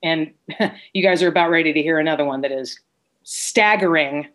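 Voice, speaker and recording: Earnest lower-voiced woman guest. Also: fairly even intonation, fast. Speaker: guest, business partner. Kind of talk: casual interview chat.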